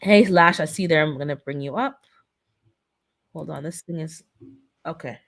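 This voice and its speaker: A woman's voice: low voice, moderate pace. A woman of Jamaican descent hosts a casual live-stream chat. Her delivery is earnest and pleading, and she repeats herself to drive points home. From Caribbean, of Jamaican descent. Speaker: host of a live wellness chat.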